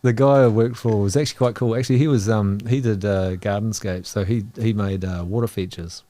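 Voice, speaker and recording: A man's voice: on the low side, steady tone, brisk, dark tone, a little hiss or hum. A man with a New Zealand accent, a guest telling a rambling travel story in casual chat, laughing between phrases.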